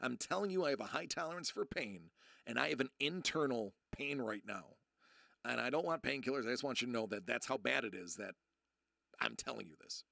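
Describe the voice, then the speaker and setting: A man in his thirties rambling through a personal story to his live chat, often restarting and quoting people in a lowered voice. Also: animated, brisk, gravelly, sharp tone, dry recording, clean studio sound. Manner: rambling, self-interrupting, acts out quotes in a low voice. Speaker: streamer.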